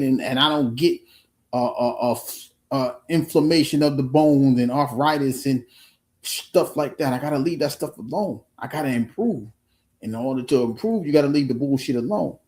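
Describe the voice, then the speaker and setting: A man's voice: mid-range voice, a little mellow, roomy sound. A man talking earnestly on his own livestream, restarting his sentences often and swearing casually. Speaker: live streamer. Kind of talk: casual motivational livestream talk.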